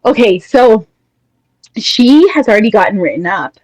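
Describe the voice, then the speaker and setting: A woman's voice: medium pitch, normal speed, no room sound, poor audio. A woman calling in to a podcast, animatedly telling a workplace story and acting out coworkers' lines. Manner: animated, quotes people with mock voices. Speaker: caller. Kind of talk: casual storytelling.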